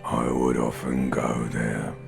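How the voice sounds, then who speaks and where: A gravelly, mournful drunken detective singing. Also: male voice, rumbling low, level tone, exaggerated voice. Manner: slow, mournful sung delivery. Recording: game song with loud music.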